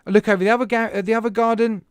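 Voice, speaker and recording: A man hosting a podcast, telling a rambling, animated story to his live chat at home with self-deprecating asides. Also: sits high, racing, smooth, no room sound. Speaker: podcast host.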